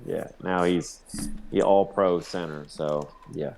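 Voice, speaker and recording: A man's voice: sits low, steady tone, slow, gravelly, a crowd in the background. A man co-hosting a casual sports podcast, swearing freely and laughing often while leading the discussion. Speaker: podcast co-host. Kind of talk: casual sports-talk chat.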